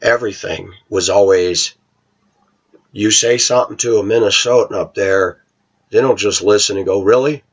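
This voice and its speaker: Man, middle-aged, husky, rambling opinionated vlog talk, muffled lo-fi recording. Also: lowish voice, fairly even intonation, normal speed. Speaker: vlogger. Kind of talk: casual monologue to viewers. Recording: dull lo-fi recording.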